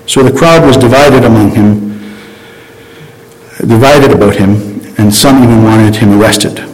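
A man's voice: fairly low pitch, measured pace, darkish tone. Guy teaching a bible study, chatty, keeps restarting his sentences, big echoey hall. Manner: conversational, hesitant, many restarts and self-corrections.

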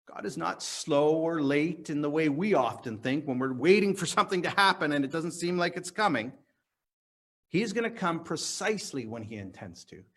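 A man preaching a sermon at a church service, earnest and teaching, slowing down to stress key words. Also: fairly high pitch, a bit bright. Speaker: pastor. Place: church service on a live stream.

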